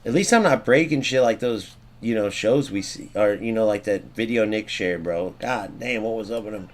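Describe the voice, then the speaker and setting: A man's voice: lowish voice, normal speed, noisy background. A young man streaming a football video game, commenting live, swearing and ranting about glitches. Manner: excitable, swears, rants at the game. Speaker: gaming streamer.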